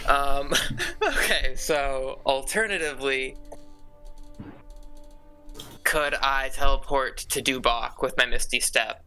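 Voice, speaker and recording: Man, tabletop player, bright tone, casual, faint music. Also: medium pitch, takes it slowly, pauses often, poor audio. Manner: easygoing, asks rules questions. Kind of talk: casual game talk.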